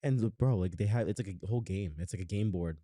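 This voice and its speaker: Young male podcast co-host, low dark voice, loose rambling chat, dry mic. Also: quick pace, no room sound. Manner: rambling, lots of fillers and restarts. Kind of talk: casual chat.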